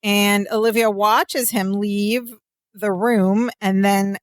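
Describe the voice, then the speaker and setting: Woman podcast co-host, chatty scene-by-scene recap, mid-pitched, dry close sound. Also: fairly even intonation, slow pace, dry recording. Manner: chatty, recounts scenes with amused asides. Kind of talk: casual episode recap chat.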